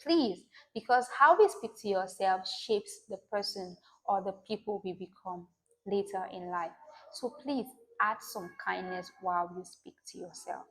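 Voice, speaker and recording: Encouraging woman reciting gentle affirmations. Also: medium pitch. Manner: warm, encouraging, slow affirmations. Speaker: self-help video host. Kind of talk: motivational talk to camera.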